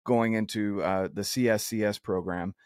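A man's voice: lowish voice, steady tone, moderate pace, a little mellow, no echo, clean studio sound. Earnest man hosting a podcast. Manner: earnest, rambling with restarts. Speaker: podcast host. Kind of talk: casual interview chat.

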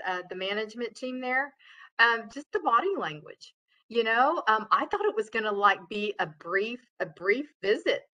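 Brief: woman trainer, casual lecture, talks loud, lots of ums, sharp bright tone. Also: medium pitch, dull audio. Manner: chatty, loud, many fillers and restarts. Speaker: customer service trainer.

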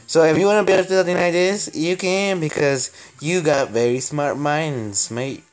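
A man's voice: a little high, moderate pace. A young man casually commenting on his building game, playful and rambling, making up silly stories. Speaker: game channel host.

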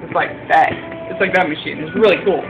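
A young man vlogging while playing an arcade coin game, excitable and quick to frustrated shouting and swearing. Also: on the high side, gravelly, poor audio. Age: teens or young adult. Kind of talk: casual vlog commentary while playing. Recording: loud background music in an arcade.

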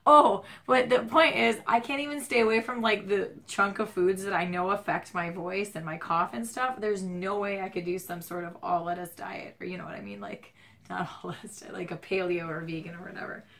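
A woman's voice: mid-range voice, steady tone, a little fast, vocal fry, fairly bright tone. A Midwestern American woman vlogging from home, rambling and self-deprecating, her voice strained and stuffed up. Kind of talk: casual chatty vlog. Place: home at night, dim lighting. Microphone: camera mic, handheld shaky camera.

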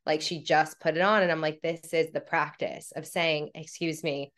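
A young woman guest on a podcast, chatting casually and acting out her own inner dialogue in animated stories. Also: deep voice, moderate pace. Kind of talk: casual conversational storytelling.

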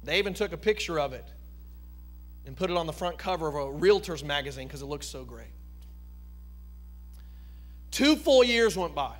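A male pastor preaching a sermon and telling a story in an emphatic, animated way. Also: on the high side, normal speed, pauses often.

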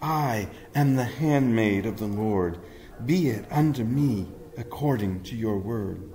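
A man reading a storybook, voicing Mary as a timid young woman in a raised, soft, hesitant voice. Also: fairly low pitch, lively intonation, unhurried. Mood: gentle.

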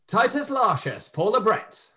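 An upbeat man hosts the wrap-up of a live online show. He sounds effusive and his voice sits high and moves around a great deal. He is heard over a video call. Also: sing-song, a little slow, sharp tone. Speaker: host and director.

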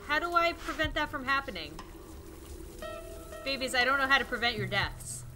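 A young woman commentating a game she plays, swinging between quiet sad musing and shrieking panic. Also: high voice, animated, moderate pace. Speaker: gaming YouTuber. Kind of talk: let's play commentary. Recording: game music playing underneath.

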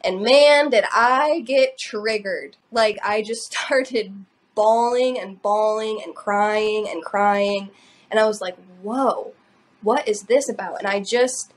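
Woman telling a personal story. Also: medium pitch. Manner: emotional, rambling, many "like"s and "you know"s. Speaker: podcast co-host. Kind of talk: personal storytelling in casual chat.

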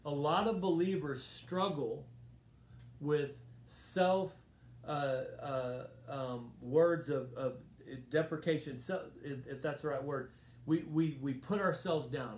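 Pastor, man, fairly high voice, earnest repeating delivery, roomy church echo. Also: takes it slowly, darkish tone. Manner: earnest, emphatic, repeats phrases. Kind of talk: sermon. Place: church sanctuary.

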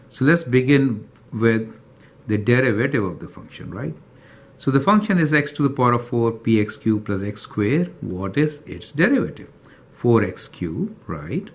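A man teaching a calculus lesson step by step, often checking in with the viewer. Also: mid-range voice. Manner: explanatory, checks in with "right?" and "do you see that?". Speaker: math teacher.

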